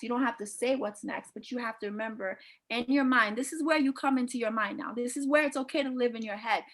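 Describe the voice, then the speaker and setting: A woman speaks as a relationship coach in casual panel talk. Her voice sits a little high, and she keeps slipping into acted-out lines of dialogue. The delivery is animated and direct. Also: brisk, hardly any pauses. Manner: animated, acting out quoted dialogue.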